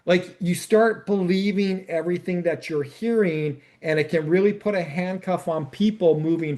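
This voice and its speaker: Man explaining the housing market. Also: high voice. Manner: steady, explanatory market talk with rhetorical questions. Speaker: real estate podcast co-host. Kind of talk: casual podcast chat.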